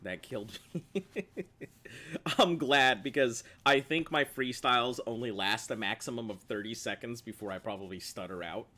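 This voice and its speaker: A man's voice: mid-range voice, moderate pace, bright, forceful tone. A man streaming gameplay, joking playfully with his viewers and laughing often. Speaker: game streamer. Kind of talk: gameplay commentary chatting with viewers.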